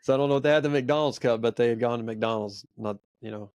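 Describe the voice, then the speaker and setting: A man's voice: mid-range voice, quick pace, a little mellow, smooth, dry recording. A man in his forties co-hosting a faith podcast, telling a personal story in a rambling, earnest, self-reflective way. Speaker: podcast co-host. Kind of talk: casual storytelling chat.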